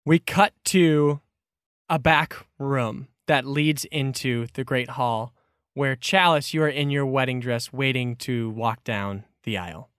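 A man's voice: medium pitch, takes it slowly, a bit bright, clean tone, dry recording, clean studio sound. A man narrating scene changes in an improvised comedy show.

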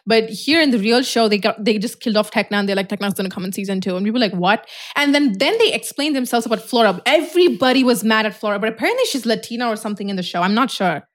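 A young woman co-hosting a podcast in casual, excitable chat, swearing freely. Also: fairly high pitch, racing, few pauses. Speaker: podcast co-host.

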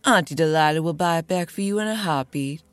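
A woman playing an aunt who leads a secretive cult and talks in a smooth, self-satisfied way. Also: deep voice, a little fast, dry recording, close to an everyday voice. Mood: smug.

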